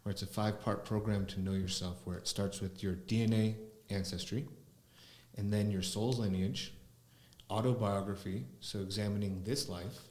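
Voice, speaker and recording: A man, a spiritual teacher, talking slowly and reflectively as a podcast guest, often pausing with fillers. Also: on the low side, fairly even intonation, a little mellow. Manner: slow, musing, with frequent fillers. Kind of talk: reflective conversational talk. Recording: roomy echo.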